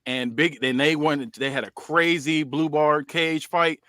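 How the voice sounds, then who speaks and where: A man's voice: a little high, steady tone, unhurried, pushed and bright, dry recording. A man co-hosting a podcast, narrating a fantasy wrestling show in casual chat with loose slang and frequent laughter.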